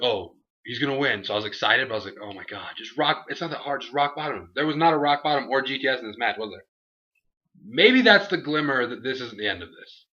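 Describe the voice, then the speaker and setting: Bright-voiced young man, lo-fi recording. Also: medium pitch. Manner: animated, acts out quotes, laughs often. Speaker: show co-host. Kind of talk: casual review chat. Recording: dull lo-fi home recording.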